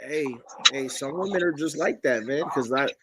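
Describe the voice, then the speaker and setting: A man hosting a casual group chat, animated and putting questions to his guests. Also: fairly high pitch, normal speed, very noisy. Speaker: podcast host.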